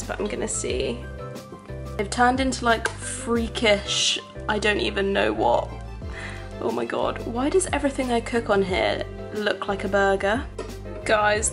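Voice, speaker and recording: A young woman with a London accent, chatting casually to camera in a cooking vlog, animated and full of quick asides. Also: mid-range voice. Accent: London English. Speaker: vlogger.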